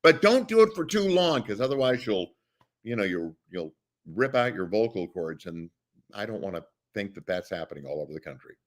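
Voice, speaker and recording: Animated man with a lively low voice. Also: brisk. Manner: animated storyteller, drops into deep growls to demonstrate. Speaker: guest voice actor. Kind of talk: casual interview chat.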